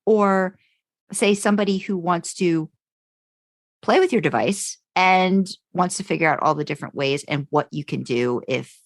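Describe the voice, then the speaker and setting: Woman, podcast co-host, very low voice, dry close sound, chatty and thinking aloud. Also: moderate pace, no room sound. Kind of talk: casual podcast chat.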